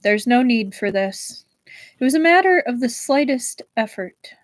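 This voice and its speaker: A woman reading aloud and voicing a calm, gentle-seeming young nobleman who speaks in a soothing tone. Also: a little high, measured pace, dry recording, low-quality recording. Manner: soft, soothing tone.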